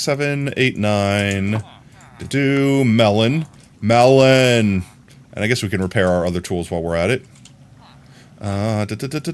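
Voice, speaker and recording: A man with a mild New York accent, chatting casually as a streamer while he plays, rambling, repeating words and laughing often. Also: lowish voice. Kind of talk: casual chat while gaming.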